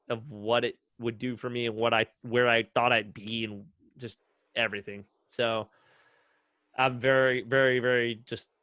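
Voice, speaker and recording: A young man chatting on a podcast in an easygoing, rambling way, full of fillers and little re-enacted conversations. His voice sits at an ordinary pitch, and the sound is close and dry, with no room around it. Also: clean tone, no room sound. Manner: relaxed storytelling with many fillers, acts out quotes. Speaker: guest, retired runner. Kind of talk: casual podcast chat.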